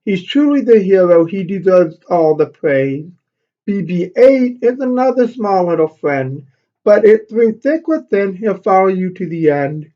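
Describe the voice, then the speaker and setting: A male elementary school teacher reading a picture book aloud to children, expressive and stopping to explain the pictures. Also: high-pitched, measured pace, dull audio.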